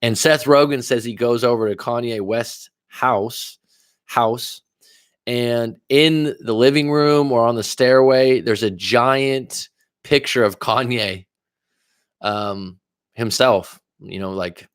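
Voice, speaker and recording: A man coaching viewers through a livestream in a loose, reflective, conversational way. His voice sits in an ordinary middle pitch, and the sound is dry and close with little room around it. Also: slow, smooth, no echo. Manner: casual, reflective, loosely paced with asides. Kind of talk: livestream monologue.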